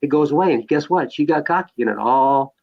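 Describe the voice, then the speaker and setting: A man's voice: a little high, expressive, brisk, creaky, muffled recording. An older man, a podcast guest, telling stories in a conversational way, repeating phrases for emphasis. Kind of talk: conversational storytelling.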